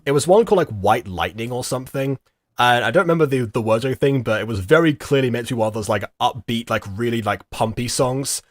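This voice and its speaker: A young man giving rambling, halting reaction commentary with lots of fillers and giggles. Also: medium pitch, no room sound, clean studio sound. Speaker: streamer reacting to a video.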